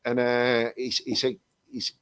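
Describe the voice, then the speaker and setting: A man's voice: mid-range voice, monotone, measured pace, fairly bright tone, no echo. An English man, a psychic medium, telling rambling stories with many restarts in a casual chat over a video call. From England.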